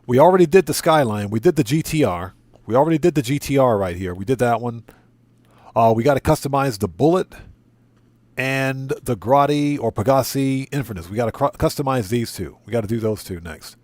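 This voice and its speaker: A man's voice: mid-range voice, brisk, no room sound. Chatty man streaming a game. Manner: relaxed, chatty, greets viewers by name; repeats himself and corrects himself often. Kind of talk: casual livestream chat.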